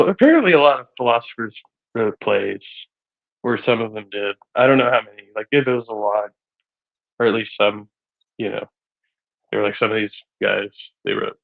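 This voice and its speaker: A man's voice: on the low side, vocal fry. A man streaming live, rambling casually with lots of hesitant fillers and a slightly breathless voice. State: a bit out of breath. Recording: tinny phone-like audio.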